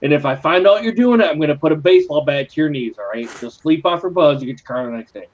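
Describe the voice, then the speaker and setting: A man talks on a live stream, buzzed and tired, his speech loose and rambling. His voice sits a little high. The sound is muffled and lo-fi. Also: expressive, quick pace. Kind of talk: casual chat.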